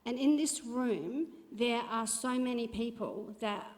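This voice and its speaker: A woman's voice: fairly high pitch, a little slow, a little mellow. Chatty woman telling stories in a church hall. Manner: chatty, heartfelt storytelling with fillers. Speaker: church speaker sharing testimony. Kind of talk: church testimony talk. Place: church auditorium. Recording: long reverb of a church hall.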